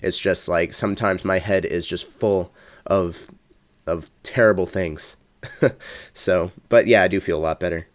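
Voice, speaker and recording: A man's voice: sits low, fairly even intonation, unhurried, no room sound. A man co-hosting a casual gaming podcast, stuffy and congested, easygoing. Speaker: podcast co-host.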